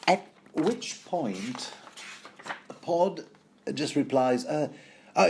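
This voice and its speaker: A man's voice: fairly high pitch, sing-song, slow, darkish tone, husky. A man giving a rambling, casual book commentary, full of fillers and wry asides.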